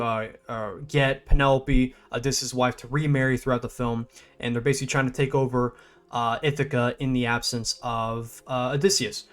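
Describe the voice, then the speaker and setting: A young man giving a casual spoken movie review, rambling and stop-start with lots of fillers and restarts, breaking into laughs and animated bursts. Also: mid-range voice. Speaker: film reviewer.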